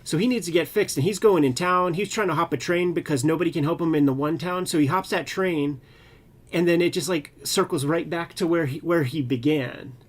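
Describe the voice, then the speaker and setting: A man co-hosting a casual comics chat as a working cartoonist, talking in an animated, loose way with profane, slangy asides. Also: on the high side, fairly quick. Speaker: co-host, cartoonist.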